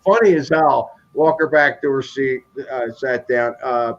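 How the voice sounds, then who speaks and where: A man telling a story on a live stream in a loose, animated way, often restarting his sentences. His pitch sits in an ordinary middle range. The sound is a little dull and lo-fi. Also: a little slow. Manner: rambling, animated, frequent restarts. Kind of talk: casual storytelling chat.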